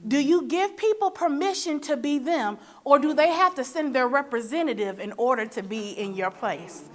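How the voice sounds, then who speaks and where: A woman's voice: sits high, lively intonation, moderate pace. A woman from Michigan moderating a forum, speaking in a preacher-like way with rhetorical questions and playful storytelling asides. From Michigan, USA. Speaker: panel moderator. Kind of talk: motivational forum speech.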